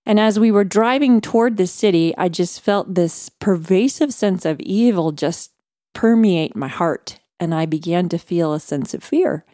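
A woman guest on a faith podcast, earnestly telling a personal story with measured pauses. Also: on the low side, warm tone, no room sound, studio quality. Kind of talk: storytelling interview.

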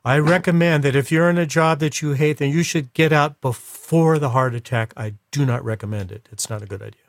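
A man's voice: a little high, a little fast, no echo. A man as an interview guest, telling a personal story in an emotional, reflective way.

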